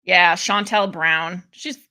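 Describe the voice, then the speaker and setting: A woman's voice: fairly low pitch, takes it slowly. A young woman from Ohio giving chatty, laughing live commentary on a hearing. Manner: chatty, laughing, animated asides. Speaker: political commentary streamer.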